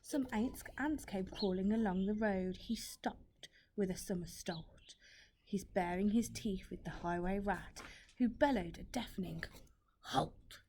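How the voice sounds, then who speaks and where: Softly whispering teacher reading aloud. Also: female voice, mid-range voice, unhurried, a little hiss or hum. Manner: hushed, gentle, asides to a listener. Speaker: primary school teacher.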